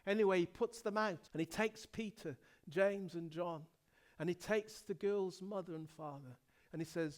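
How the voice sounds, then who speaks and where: Dramatic high-voiced male pastor preaching. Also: moderate pace, few pauses. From England. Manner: dramatic storytelling, swings from hushed to loud. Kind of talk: sermon.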